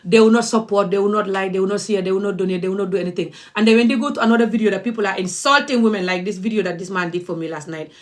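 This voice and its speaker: A woman's voice: medium pitch, racing, few pauses. A woman, speaking as an activist vlogger in an impassioned, emphatic and repetitive monologue.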